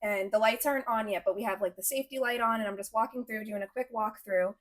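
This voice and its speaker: A woman's voice: fairly high pitch, fairly even intonation, fast. A woman on the staff telling a short anecdote in a casual chat. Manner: brief reactions, easy anecdote. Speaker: staff member.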